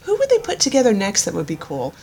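A woman's voice: medium pitch, wildly swooping pitch, fast talker, a little mellow, husky. A woman co-hosting a podcast, chatting casually and laughing often as she recaps an episode. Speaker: podcast co-host.

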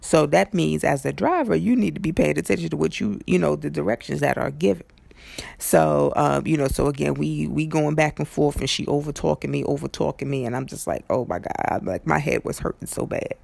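Gravelly New podcast storyteller. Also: male voice, on the high side, a little fast, no room sound. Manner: chatty, animated, acts out quotes. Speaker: podcast host. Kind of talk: casual storytelling.

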